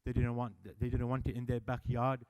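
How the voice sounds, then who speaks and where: Guy telling stories at a meeting, mellow warm voice, acts out the back and forth. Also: medium pitch, a little fast, clear, resonant tone. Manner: animated storyteller, acts out dialogue. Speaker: service user speaker at annual meeting. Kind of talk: public speech telling stories. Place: meeting hall.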